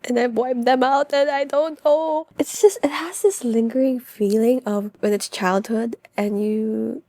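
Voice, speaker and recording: Gushing young woman with a gravelly edge. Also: a little high, steady tone, a little slow, warm tone, no echo. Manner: emotional, gushing, breathless reactions. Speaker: book vlogger. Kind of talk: casual reading vlog talk.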